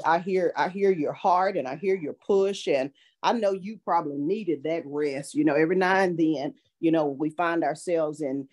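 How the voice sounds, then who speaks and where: A woman's voice: low-pitched, a little mellow, no room sound, studio quality. Preachy encouraging woman host. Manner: preachy, encouraging, scripture-quoting. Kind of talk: faith-based encouraging talk.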